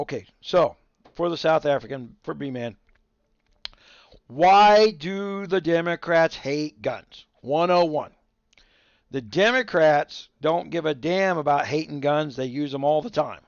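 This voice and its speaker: A man's voice: a little high, animated, moderate pace, vocal fry, no room sound. A man hosting a livestream, chatting casually with viewers and ranting bluntly with strong opinions. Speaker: livestream host. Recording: dull lo-fi dry sound.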